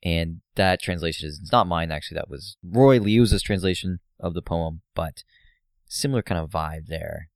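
Very deep gravelly man. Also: moderate pace, no echo. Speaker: podcast co-host. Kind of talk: casual book discussion.

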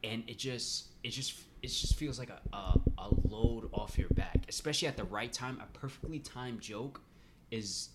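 A man's voice: mid-range voice, normal speed, very noisy. A man hosting a podcast in casual chat, laid-back and profane, often calling people "man" and "dude". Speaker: podcast host.

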